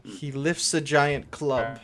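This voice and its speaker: Slow, relaxed game master, a man. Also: mid-range voice. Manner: relaxed, casual, swears now and then. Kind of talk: narrating a tabletop game.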